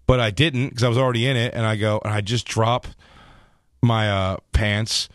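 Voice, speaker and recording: A man who is a comedian, telling profane, animated stories as a radio studio guest. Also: on the low side, normal speed, no room sound. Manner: profane, animated anecdotes with laughs. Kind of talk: radio interview storytelling. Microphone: studio microphone.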